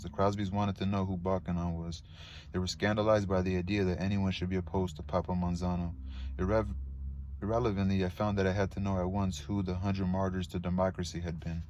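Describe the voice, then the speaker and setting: A man's voice: low-pitched, a little mellow, slight background noise. A man reading a novel aloud in a casual, unpolished way, stumbling on words and adding asides.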